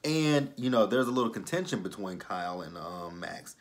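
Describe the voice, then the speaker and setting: Chatty low-voiced man recapping a show. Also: animated, moderate pace. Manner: chatty, loose, with many fillers. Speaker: TV show reviewer. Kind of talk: casual episode recap.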